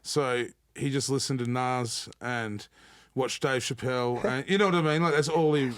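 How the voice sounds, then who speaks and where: A man's voice: mid-range voice, normal speed, clean tone, no room sound, studio quality. A man from Australia with an Australian accent, a rapper talking as a guest on a podcast, swearing freely and often tagging "you know what I mean". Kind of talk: casual podcast chat.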